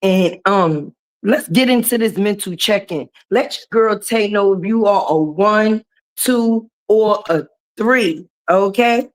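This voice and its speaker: A hoarse-voiced woman hosting a casual live stream from a garage, chatting and greeting viewers by name and calling them baby. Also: mid-range voice, takes it slowly.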